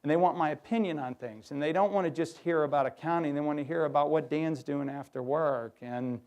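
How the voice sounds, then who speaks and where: A middle-aged man giving a lively workshop talk to an audience, acting out quoted voices. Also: on the high side, brisk. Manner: animated, acts out quoted voices. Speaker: workshop speaker. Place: hotel conference room.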